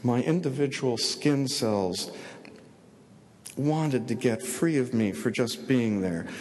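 A man's voice: medium pitch, slow, a little mellow, in a large hall. A male author reading his fiction aloud in a dry, wry first-person storyteller's manner.

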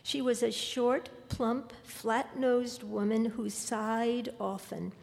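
Woman reading a story aloud, slow and deliberate, gravelly voice, big echoey hall. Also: on the high side, steady tone, darkish tone. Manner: measured, deliberate. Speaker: author reading her fiction. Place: lecture hall. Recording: long hall reverb.

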